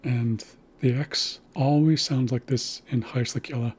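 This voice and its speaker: Slow, patient man teaching pronunciation. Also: medium pitch, fairly even intonation, darkish tone, breathy edge. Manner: slow, patient, spells out sounds carefully. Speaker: language teacher. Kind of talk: recorded language lesson.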